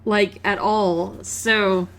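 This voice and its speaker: A woman's voice: medium pitch, steady tone, very slow, creaky, fairly bright tone. A woman hosting a game let's play, reading the story aloud and commenting emotionally, tearful, stammering and laughing.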